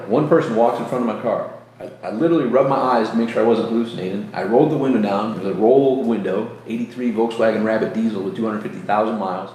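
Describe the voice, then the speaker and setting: A man's voice: on the low side, a little mellow, a little hiss or hum. Earnest man telling a faith story, echoey room. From New York State. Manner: earnest storytelling with acted-out quotes. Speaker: host. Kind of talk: casual faith talk. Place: room near a beach. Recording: echoey room, faint ambience.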